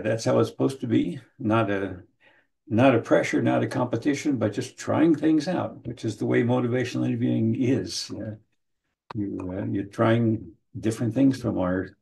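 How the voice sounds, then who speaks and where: Gravelly, mellow-voiced man teaching counseling. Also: medium pitch. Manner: measured, repeats starting words, acts out short client and counselor lines. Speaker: trainer teaching motivational interviewing. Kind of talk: online training lecture. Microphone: video call.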